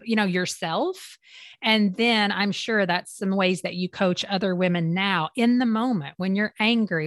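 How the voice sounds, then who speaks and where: A woman's voice: fairly low pitch, a little slow, no echo, studio quality. A woman hosting a faith podcast interview, asking questions attentively. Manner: attentive, frequent short affirmations. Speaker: podcast host.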